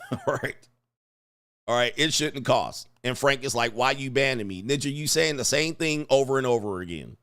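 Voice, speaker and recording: A man's voice: mid-range voice, normal speed, smooth. A middle-aged man hosting a casual livestream, telling a story with slang and laughter and reading viewer comments aloud. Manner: animated, laughing, slangy, reads chat aloud. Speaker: livestream host.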